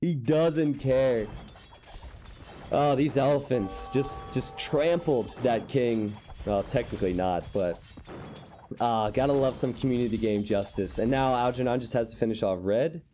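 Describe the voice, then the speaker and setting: A young man casting a strategy game live, excitable and quick to jump into high shouts at big plays. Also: soft background music. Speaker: game caster.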